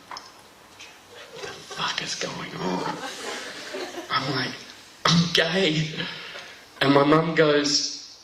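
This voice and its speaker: A young man is doing stand-up in a live venue, chatty and quick to poke fun at himself. His voice is bright and sharp, and he often trips over his words. The sound is roomy, with a faint hiss under it. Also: mid-range voice. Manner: chatty, self-mocking, stumbles over words. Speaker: stand-up comedian. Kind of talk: stand-up routine. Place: comedy stage before a live audience.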